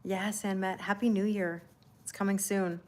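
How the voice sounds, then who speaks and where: A woman's voice: mid-range voice, little pitch movement, moderate pace. A woman hosting a casual live tarot reading, chatting and laughing with viewers and reading their comments aloud in a reassuring tone. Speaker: tarot reader hosting a livestream.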